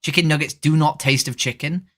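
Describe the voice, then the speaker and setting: A woman's voice: sits low, fairly even intonation, a little fast. A woman, a vegan activist streaming a video chat, who argues pushily, swears freely, and keeps asking "right?". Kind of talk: casual video-chat debate.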